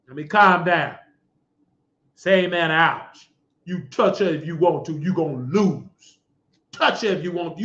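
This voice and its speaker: Scolding high-voiced male show host. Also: creaky. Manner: preachy, scolding, animated with shouted outbursts. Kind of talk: ranting commentary monologue. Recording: dull lo-fi sound in an echoey room.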